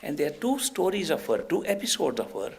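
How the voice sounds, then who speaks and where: An older man from India, giving a spiritual talk over a video call, telling stories gently. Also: on the high side, brisk, gravelly. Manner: gentle storyteller, animated. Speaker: spiritual teacher.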